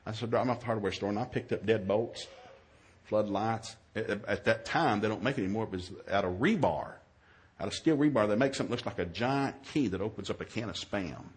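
A man who is a minister, telling a humorous story in a sermon, acting out his own yelled lines in a raised voice. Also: brisk. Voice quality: animated, shifts to high yelling quotes.

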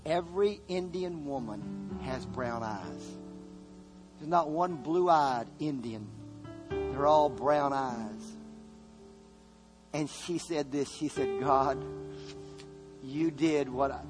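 A man preaching a sermon to a congregation, telling a story and then leading prayer, earnest and slowing down to stress key words. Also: a little high, animated. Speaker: pastor. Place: church service before a congregation. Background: soft guitar music.

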